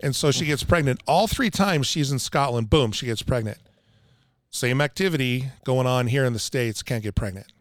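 Man, podcast guest, emphatic, repeats for effect, mid pitch, dead-dry sound. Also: normal speed, no echo. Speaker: water filtration installer, guest. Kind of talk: casual podcast chat. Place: Utah.

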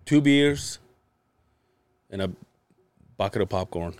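A man with a somewhat low voice tells a story on a casual podcast. He is animated, breaks into laughter often and swears freely. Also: takes it slowly, no room sound. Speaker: podcast co-host. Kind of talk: casual chat.

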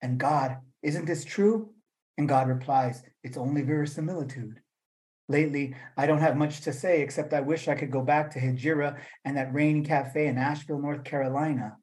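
A man reading his own poems and then talking about them, in a measured voice for the verse and a loose, rambling one with fillers for the talk, over a video call. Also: a little high, steady tone, a little mellow, rough recording. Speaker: poet reading his work. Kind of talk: poetry reading and talk at a virtual event.

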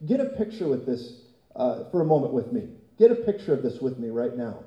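A man preaching a sermon as pastor, telling an animated story and often laughing. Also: mid-range voice, fairly quick, roomy sound, muffled recording.

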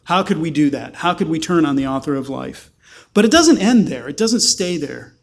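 A man's voice: on the high side, lively intonation, normal speed, gravelly. A male pastor preaching a sermon with passion, asking rhetorical questions and acting out the voices he quotes.

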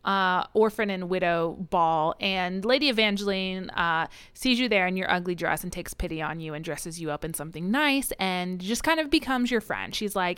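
A woman co-hosting a casual book podcast, recapping a novel with lively acted-out lines and laughter. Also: lowish voice, normal speed, hardly any pauses, clean tone, dry recording. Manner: animated retelling, acting out characters' lines with swearing and laughs. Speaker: podcast co-host. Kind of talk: casual book-club chat.

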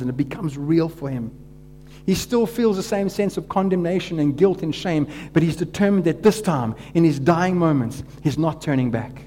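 Man, preacher, sermon storytelling, dramatic rises and hushed quotes, warm mellow tone, faint hum. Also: a little high. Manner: dramatic retelling, voice rising and dropping to a hush for quoted words.

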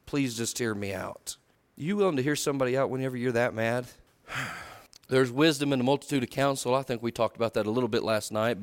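A man preaching a sermon, swinging from loud acted-out voices down to low, quiet asides. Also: smooth. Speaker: pastor.

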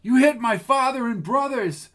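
A man voices a young farm girl from an audiobook, lifted high in pitch. She is earnest and defiant, pushing back with indignation. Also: unhurried, a bit bright. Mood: distraught.

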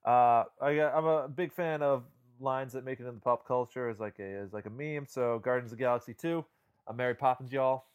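A man of middle pitch hosts a relaxed film podcast. He stumbles through fillers and restarts, laughing as he retells his favourite lines. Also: clean tone, muffled recording. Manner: halting, many fillers and restarts, laughs while telling jokes. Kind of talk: casual film chat.

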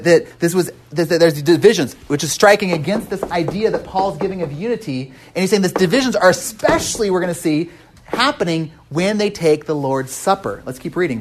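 A man preaching a casual, interactive sermon, walking through a text and quizzing the congregation with frequent "right?" tags and restarts. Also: on the high side. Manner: conversational, asks the congregation questions. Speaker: pastor.

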